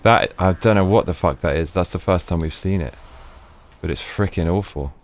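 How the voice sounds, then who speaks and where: A man streaming a video game, talking excitedly, swearing a lot and restarting his sentences. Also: deep voice, normal speed, slight background noise. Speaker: gaming streamer. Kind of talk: let's play commentary.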